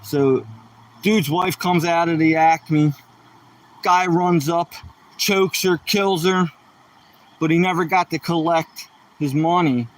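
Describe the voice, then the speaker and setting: Recorded from a distance, this man's slightly high voice has fairly even intonation, an unhurried pace, and long pauses. He hosts a casual joke-telling livestream, rambling through corny jokes in a self-mocking way.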